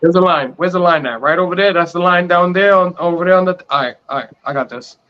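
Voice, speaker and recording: This podcast co-host has a high, clear, resonant voice and talks fast. In a casual chat he tells stories animatedly and acts out other people's lines, heard through a dull lo-fi recording.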